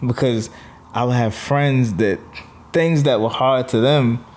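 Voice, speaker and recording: A man's voice: mid-range voice, measured pace, darkish tone. A male comedian with a New York accent, chatting casually as a guest and telling blunt stories about his life, laughing as he talks. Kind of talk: casual chat.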